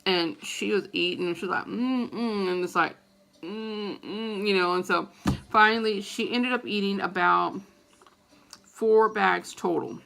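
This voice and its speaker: A middle-aged woman vlogger telling a story to camera in a casual, animated, profane way, with a gravelly voice. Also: medium pitch, moderate pace.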